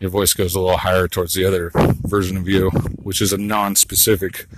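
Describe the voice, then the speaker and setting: A man's voice: deep voice, little pitch movement, fairly quick, very noisy. A man talking to his phone while walking outdoors, rambling and crude, muttering asides to himself. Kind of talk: rambling monologue vlog.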